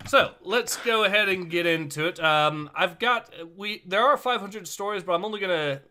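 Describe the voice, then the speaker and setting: A man's voice: sits high, normal speed, sharp tone. A man hosting a casual livestream, chatty with many fillers and restarts. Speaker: livestream host.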